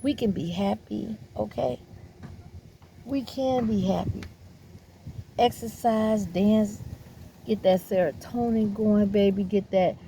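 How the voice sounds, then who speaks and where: A woman's voice: medium pitch, slow, long pauses, dark tone, a little hiss or hum. A woman vlogger speaking in a casual, earnest, encouraging monologue, calling listeners baby and honey, with loose, repetitive phrasing and many fillers. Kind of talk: casual talking-to-camera monologue.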